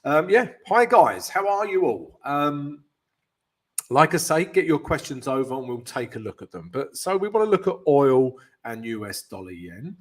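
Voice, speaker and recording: A man's voice: fairly high pitch, sing-song, moderate pace. Upbeat British man hosting a trading stream. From Britain. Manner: chatty and upbeat, greets viewers by name; explains chart analysis with frequent fillers. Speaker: trading coach and live stream host. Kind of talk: live stream chat and market analysis.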